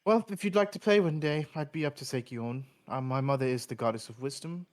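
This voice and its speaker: A man's voice: medium pitch, fast, natural voice. A man voicing a confident young female demigod chess rival with a put-on English accent, talking cockily between fillers. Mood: boastful. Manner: cocky, hesitant fillers.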